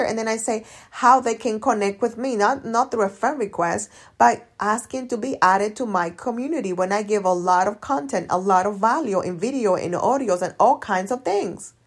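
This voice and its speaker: A woman coach talking casually on her podcast, emphatic and lively, repeating her key phrases for effect. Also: fairly high pitch, moderate pace, hardly any pauses, slightly rough. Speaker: business coach. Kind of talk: casual solo podcast talk.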